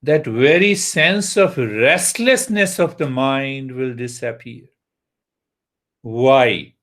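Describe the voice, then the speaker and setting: A man giving a spiritual talk on meditation as a teacher, unhurried, asking his listeners rhetorical questions. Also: medium pitch, fairly bright tone.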